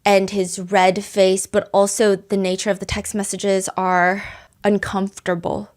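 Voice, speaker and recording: A woman's voice: mid-range voice, a little slow. A woman hosting a podcast, retelling a true-crime case in a chatty, casual storytelling way. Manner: chatty, lively retelling with quoted voices. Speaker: podcast host.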